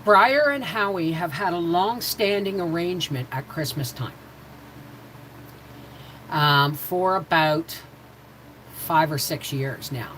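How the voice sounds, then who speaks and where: A woman's voice: fairly low pitch, takes it slowly, long pauses, a bit bright, a little hiss or hum, rough recording. A middle-aged woman hosting a home livestream, telling stories in a digressive, chatty way that jumps between subjects and circles back. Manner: chatty, frequent restarts, addresses viewers directly. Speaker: homestead livestream host. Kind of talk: rambling casual livestream storytelling.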